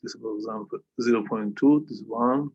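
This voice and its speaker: Man tutoring calculus, husky voice. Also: medium pitch, normal speed, dull audio. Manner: repeats "yeah?" to check understanding. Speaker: math tutor. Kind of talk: online calculus lesson. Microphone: video call.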